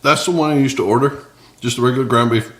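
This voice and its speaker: A man's voice: medium pitch, fast. Chatty man cooking in an echoey kitchen. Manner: chatty, joking asides to viewers. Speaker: cooking channel host. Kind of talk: casual cooking vlog. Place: small home kitchen. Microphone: several cameras on the counter.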